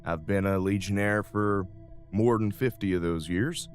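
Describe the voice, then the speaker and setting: A man's voice: fairly low pitch, a little slow, soft background music, lightly acted. A man voicing a folksy, easygoing older male starship captain in a tabletop game. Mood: chatty. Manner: folksy, drawling, uses ain't and y'all.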